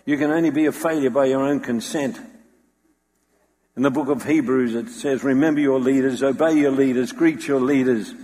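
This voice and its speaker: A man's voice: mid-range voice, steady tone, moderate pace, dark tone. A man preaching a sermon with dramatic storytelling, acting out the voices he quotes. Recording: long hall reverb.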